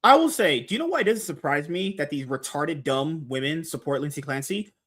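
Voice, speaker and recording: A woman's voice: low-pitched, animated, fairly quick. An American woman arguing emphatically as a guest on a chat podcast. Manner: emphatic, argumentative. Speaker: guest debater. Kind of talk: casual debate chat.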